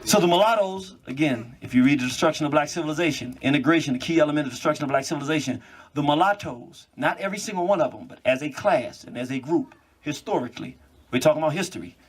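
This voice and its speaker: A man giving an animated monologue, quick in bursts and laughing as he talks. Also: fairly high pitch, breathy edge.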